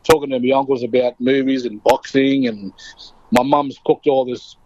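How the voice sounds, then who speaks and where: A man's voice: medium pitch, moderate pace. A middle-aged man with an Australian accent tells his story in an easy, chatty way and acts out the people in it as he goes. The sound is dull and muffled, and the room is dry with no echo. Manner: lively yarn-spinning, acting out voices in his stories. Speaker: guest storyteller. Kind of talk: casual anecdote telling.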